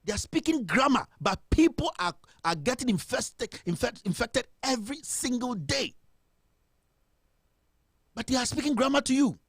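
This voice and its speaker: A man's voice: very high voice, lively intonation, moderate pace, fairly bright tone, husky, dry recording, clean studio sound. A man with a Ghanaian accent ranting in impassioned, indignant political commentary as a host.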